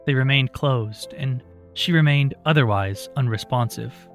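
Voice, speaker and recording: A man narrating an audiobook in a calm, steady storytelling voice. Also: mid-range voice, measured pace, soft background music.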